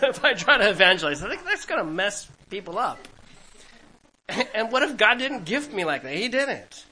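A man in his fifties, a pastor giving a conversational, animated Bible-teaching sermon to his congregation, laughing now and then at his own stories. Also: high-pitched, moderate pace, poor audio. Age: 50s.

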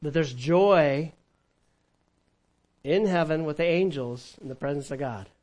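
In a church, a male pastor preaches in an animated, conversational style, his voice a bit higher than most men's. He alternates between raised, emphatic lines and sudden soft, hushed asides at a measured pace, captured on a low-quality recording.

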